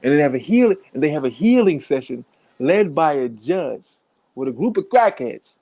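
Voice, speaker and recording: A man's voice: a little high, big pitch swings, normal speed, dark tone, no echo. A man giving blunt, profane reaction commentary in a casual way, laughing between points.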